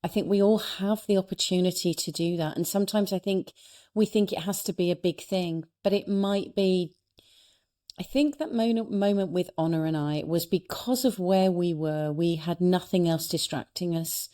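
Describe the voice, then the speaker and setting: A woman's voice: on the low side, steady tone, normal speed, mellow. A woman, a speaker and coach, telling personal stories in an earnest, reflective way as an interview guest. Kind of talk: reflective conversational storytelling.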